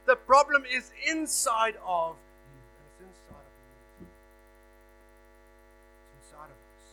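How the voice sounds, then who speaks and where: A man with a high, piercing, bright voice preaches a sermon as a guest preacher. He drops to a near hush, then presses words hard for stress, often repeating himself as he builds a point. A faint electrical hum sits under the recording. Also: poor audio. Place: church hall.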